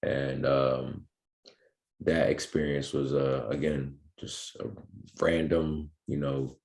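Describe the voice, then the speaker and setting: A man's voice: very deep voice, level tone, slow, gravelly, darkish tone. A young man, a pro basketball player, tells his story as a podcast guest in a laid-back way, with many ums and restarts. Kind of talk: casual interview storytelling.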